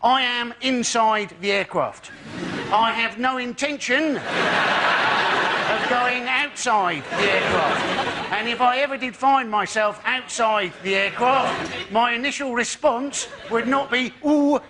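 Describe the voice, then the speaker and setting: Male comedian, deadpan, very high voice, loud noise behind. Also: takes it slowly. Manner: dry, deadpan observation. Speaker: comedian panellist. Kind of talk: stand-up one-liners.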